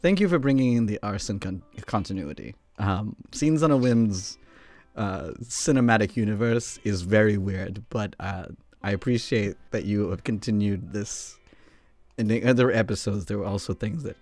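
A man's voice: fairly low pitch, normal speed, darkish tone, no room sound. A man hosting an improv game stream, talking in a casual, rambling way with frequent restarts and stumbles. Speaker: host. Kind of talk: casual chat.

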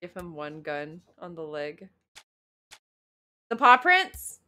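A woman's voice: sits low, sing-song, slow pace, sharp tone. A young woman streamer chatting playfully to herself and laughing often while playing a video game live.

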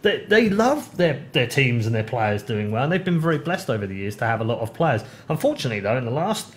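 A man in casual podcast chat, telling stories with lively swings of pitch when he gets excited. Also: quick pace. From United Kingdom. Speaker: podcast host.

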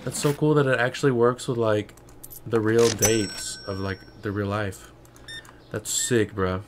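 A man's voice: fairly low pitch, normal speed, background noise. A young man streaming a shop game, chatting casually and sarcastically, with lots of "bro" and "like". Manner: rambling, sarcastic, says "bro" and "like" a lot. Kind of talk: casual gameplay commentary.

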